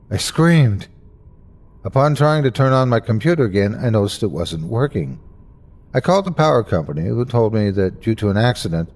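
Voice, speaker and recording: A man's voice: mid-range voice, darkish tone. A man narrating a scripted horror story in first person, tense and breathless in the scary parts.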